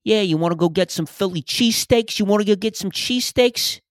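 A man's voice: high voice, brisk, no room sound, clean studio sound, voice pushed up, close to an everyday voice. A man putting on a brash, profane male sports fan with a thick big-city accent. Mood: brash mocking.

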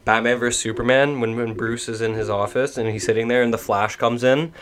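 A young man in casual podcast chat, talking in a relaxed way with many fillers. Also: medium pitch, fairly quick. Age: young adult. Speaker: podcast co-host.

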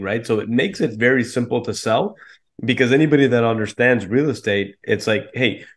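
A man, a real estate investor guest on a podcast, explaining his approach confidently with casual fillers. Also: mid-range voice. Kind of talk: podcast interview.

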